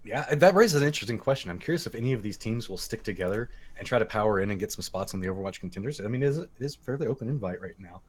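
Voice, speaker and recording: Fast-talking upbeat esports caster man. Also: on the low side, expressive, husky. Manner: upbeat, hype-building. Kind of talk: casual esports casting chat.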